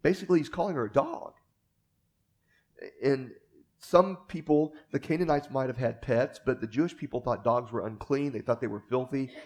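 A man preaching a sermon in an earnest, heartfelt way. He pushes his voice up for emphasis, then sinks into a soft hush, at a mid pitch that sits in the usual range for a man. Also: normal speed.

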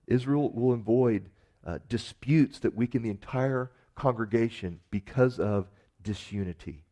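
A man preaching a sermon in an earnest manner, building to emphatic rises and sinking to soft, quiet endings. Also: medium pitch, a little slow. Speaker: pastor.

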